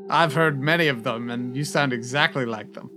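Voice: medium pitch, moderate pace, over music. Dry teasing game player. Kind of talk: tabletop game chat.

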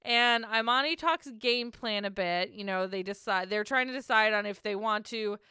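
Woman podcast co-host, bright and crisp, blunt and chatty recap delivery. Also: medium pitch, moderate pace, no echo, studio quality. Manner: chatty, laughs often, blunt. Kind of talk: casual recap chat.

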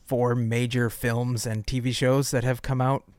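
A man's voice: medium pitch, little pitch movement, measured pace, a little mellow, smooth, no room sound. Chatty laughing man, dry studio sound. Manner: chatty, laughs often, reads news items aloud. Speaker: podcast co-host. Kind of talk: casual comedy podcast chat.

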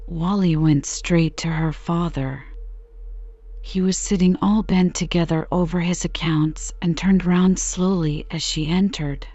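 A woman narrating a classic novel as a calm, soothing sleep story, close to a dry microphone on a slightly dull recording. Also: fairly low pitch, a little slow, dry recording. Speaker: podcast narrator. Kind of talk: bedtime story reading for sleep.

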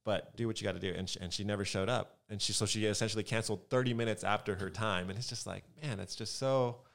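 A man from Southern California, a guest photographer telling stories in a casual podcast chat, animated and full of fillers. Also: lowish voice, fast talker, gravelly. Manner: animated storyteller, many fillers. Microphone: studio mic.

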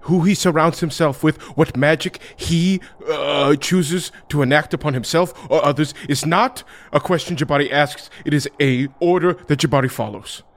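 A man's voice: a little high, moderate pace, few pauses, lightly acted. A man playing a dutiful male warrior who refers to himself in the third person, speaking formally with some hesitations. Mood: firm.

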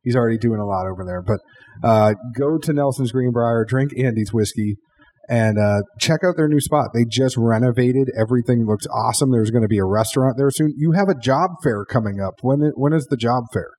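A man's voice: mid-range voice, a little fast, dark tone. Man, podcast host, casual, joking, rambling, hotel bar. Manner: chatty, joking, rambling thanks. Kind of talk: casual interview wrap-up.

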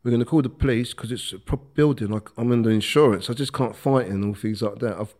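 A middle-aged man, telling stories as a podcast guest in a casual, animated way, acting out quotes and laughing as he talks. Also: medium pitch, quick pace. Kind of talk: casual storytelling.

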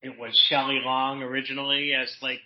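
A man's voice: mid-range voice, little pitch movement, fairly quick. Rambling man with slightly muffled sound. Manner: rambling, lots of restarts and fillers. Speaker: podcast guest. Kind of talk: casual chat.

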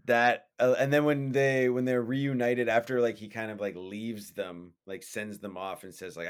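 Male co-host, animated casual film talk, filler-heavy, average pitch. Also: moderate pace, hardly any pauses, clear, resonant tone. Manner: animated, filler-heavy, acts out lines from scenes. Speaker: podcast co-host.

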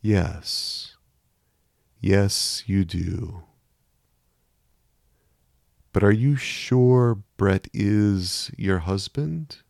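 A man voicing a low, soft, almost gentle inner voice that calmly questions in a storybook reading. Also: very slow, gravelly, long pauses, no room sound, clean studio sound, full character voice. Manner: soft and calm, quietly questioning.

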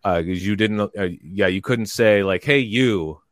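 A man telling a long story in casual chat, rambling and animated, and bursting into loud quoted lines. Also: fairly low pitch, measured pace, no echo, studio quality. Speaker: podcast guest telling a story.

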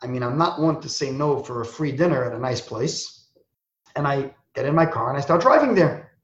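A man telling a personal story as an interview guest, acting out the dialogue in quick, animated bursts. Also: mid-range voice. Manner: acts out quoted dialogue, talks in quick bursts. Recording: echoey, dull lo-fi sound.

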